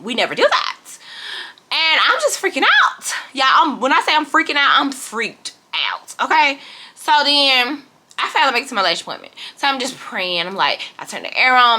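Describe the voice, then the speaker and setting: Woman vlogger, storytime chat, super lively voice, kinda high. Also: moderate pace. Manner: animated and dramatic, addresses viewers as y'all.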